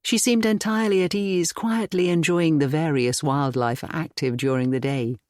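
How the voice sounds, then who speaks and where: A narrator reading a historical romance audiobook in an even, steady storytelling manner. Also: mid-range voice, moderate pace, dry recording, clean studio sound.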